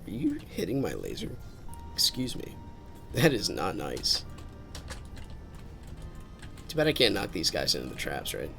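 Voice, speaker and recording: A man's voice: low voice, wildly swooping pitch, a little slow, creaky, long pauses, bright, forceful tone, soft background music. A man streaming a game with casual commentary, rambling and thinking aloud as he drifts into musings.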